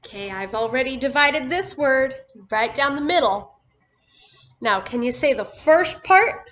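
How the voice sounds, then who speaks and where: A woman teaching phonics to young children, speaking slowly and patiently and stretching out each syllable. Her voice sits a little high and sounds bright. The recording is dull and lo-fi. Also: expressive. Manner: slow, patient, drawn-out words with encouraging praise. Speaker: first grade teacher.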